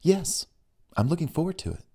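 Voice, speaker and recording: A man's voice: on the high side, very animated, moderate pace, mellow, breathy edge, voice pushed up, full character voice. A man voicing a chatty, eager young woman on a phone date in an audiobook. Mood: excited. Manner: bubbly, chatty. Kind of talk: audiobook reading.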